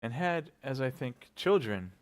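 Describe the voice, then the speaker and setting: A man voicing a calm, gentle ghost of the past with a soft, measured delivery. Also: mid-range voice, smooth, pitched above the performer's own voice, natural voice.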